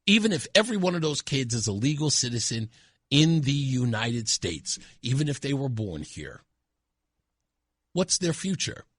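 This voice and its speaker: A man's voice: medium pitch, sing-song, moderate pace, a bit bright, breathy edge, dry recording, studio quality. A man hosting a talk radio show, delivering an indignant, emphatic opinion monologue.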